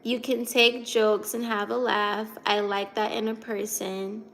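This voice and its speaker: A woman's voice: medium pitch, level tone, measured pace, gravelly, a bit bright, slight background noise. A young woman from Virginia hosting a casual livestream, chatty and giggly as she reads out and answers comments. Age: 20s. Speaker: livestream host reading chat.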